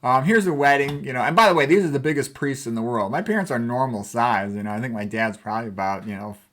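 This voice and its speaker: A man's voice: mid-range voice, quick pace. A man in his sixties from the United States, a physician talking casually and rambling as he goes through old family photos. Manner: rambling, conversational, warm reminiscing. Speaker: physician vlogger.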